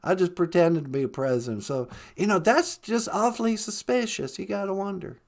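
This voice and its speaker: A man's voice: high-pitched, a little fast, gravelly. A man doing a comedy impression of a rambling, stammering ex-president cowboy with a drawl. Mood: folksy. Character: folksy boastful ex-president cowboy, male.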